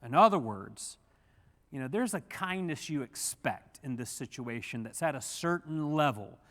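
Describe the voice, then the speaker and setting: A man preaching a sermon in a church, animated and folksy, with humor and rhetorical questions. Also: mid-range voice, moderate pace. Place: church sanctuary. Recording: long reverb of a church hall.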